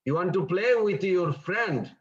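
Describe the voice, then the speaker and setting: A man's voice: high voice, lively intonation, a little slow, highs cut off. A man voicing a kindly wise sage. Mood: reassuring.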